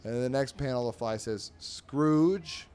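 A man's voice: fairly low pitch, a little slow, a little mellow. A man hosting a comedy podcast, reading and reviewing newspaper comic strips in a rambling, wry way with many fillers and restarts. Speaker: host.

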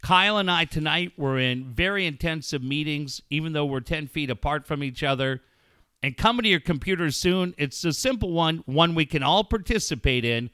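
A man's voice: fairly high pitch, animated, moderate pace, bright, forceful tone, smooth, dry recording, clean studio sound. A middle-aged male co-host in rowdy, profane comedic radio banter, laughing often. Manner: rowdy, cursing, laughs a lot.

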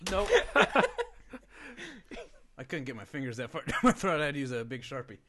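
A man's voice: medium pitch, moderate pace, bright, forceful tone, slight background noise. A man co-hosting a podcast in casual chat, teasing and giggling. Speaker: podcast co-host.

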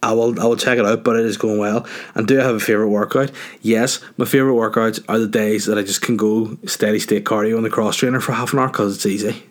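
A man's voice: lowish voice, steady tone, quick pace, few pauses. A young man with a Northern Irish accent hosting a podcast, answering listener questions in a crude, joking, rambling way. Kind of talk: casual chat.

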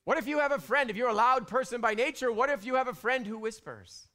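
A middle-aged male pastor delivers a sermon in a high, bright voice. He is animated, sinking to hushed whispers and climbing to loud bursts. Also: quick pace.

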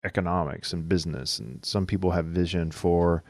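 A man's voice: deep voice, normal speed, dry recording. A man co-hosting a podcast, chatting casually and rambling with lots of filler words. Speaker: podcast co-host. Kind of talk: casual chat.

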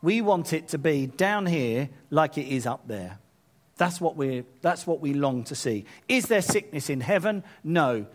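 A man preaching a sermon, retelling scripture in a lively paraphrase with casual asides. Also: fairly high pitch, measured pace. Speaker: pastor.

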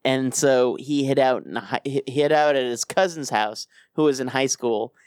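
A man's voice: mid-range voice, moderate pace, darkish tone, no echo, clean studio sound. A man in casual chat with friends, rambling through stories with jokey asides.

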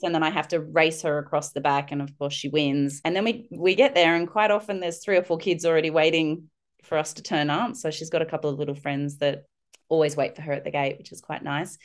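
Low-voiced woman telling stories. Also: fast. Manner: animated, acts out quotes in high voices. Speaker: guest, parenting instructor. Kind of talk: casual storytelling interview.

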